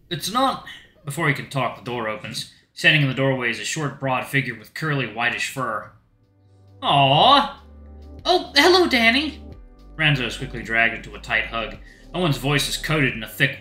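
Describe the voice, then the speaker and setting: A man hosting a gaming channel who reads a visual novel aloud and thinks out loud in an animated, chatty way. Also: medium pitch, reverberant.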